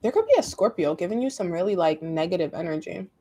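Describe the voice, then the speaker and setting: A woman's voice: on the low side, lively intonation, quick pace, dark tone. A woman giving a casual tarot reading to her viewers, rambling and emotive, with many fillers. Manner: rambling and emotive, heavy use of "like". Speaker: tarot reader.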